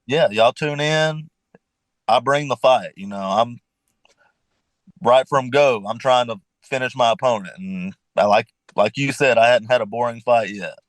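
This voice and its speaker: A man's voice: mid-range voice, unhurried, dry recording. A man with a Louisiana Southern accent, a fighter answering interview questions in a confident, laid-back way.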